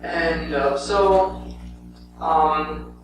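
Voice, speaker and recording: Young guy, kinda high voice, lots of ums and anyways, sounds far off in a big echoey church. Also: drawn-out words, music in the background. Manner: rambling, with many "um" and "anyway" fillers. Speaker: church member presenting his mission trip. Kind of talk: casual spoken report to a congregation. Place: church sanctuary. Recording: very echoey church hall, heard from a distance, with a clear hum.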